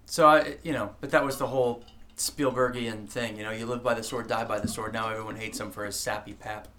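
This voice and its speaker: Quick, bright-voiced man on a podcast. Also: mid-range voice, steady tone, slight background noise. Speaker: podcast co-host. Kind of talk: casual chat.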